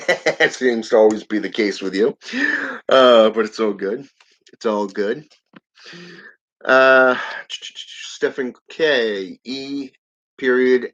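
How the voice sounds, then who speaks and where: A man hosting his channel, reading viewer comments aloud in a casual live-stream chat and chuckling often. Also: medium pitch. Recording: dull lo-fi audio.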